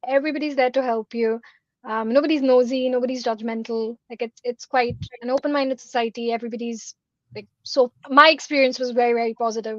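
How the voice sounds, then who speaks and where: A woman's voice: fairly high pitch, dry recording, dull audio. A woman from India answering as a panelist in an upbeat, chatty way, heard over a video call.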